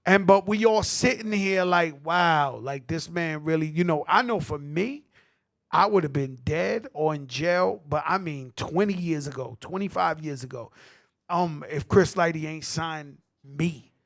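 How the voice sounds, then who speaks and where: A middle-aged man with a New York accent, telling animated stories at a tribute panel, acting out quotes and swearing freely. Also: fairly high pitch, a little slow, creaky. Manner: animated street storytelling, acts out quotes, swears. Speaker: host.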